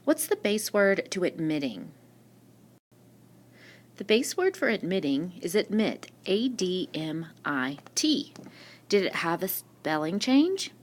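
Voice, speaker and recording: A woman teacher works through a spelling lesson at a slow, patient pace, asking her class questions and then answering them herself. Her voice sits a little low, but it rises and falls a lot as she explains each word. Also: big pitch swings. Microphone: screen-recording mic.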